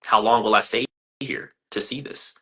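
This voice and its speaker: A young man, an artist being interviewed, giving earnest, thoughtful answers that turn animated when he tells stories. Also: lowish voice, moderate pace, slightly rough.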